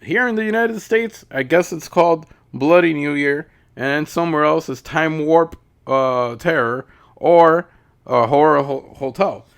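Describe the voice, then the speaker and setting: Male horror reviewer, slightly high voice, casual, blunt, swears, rambling restarts. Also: a little slow.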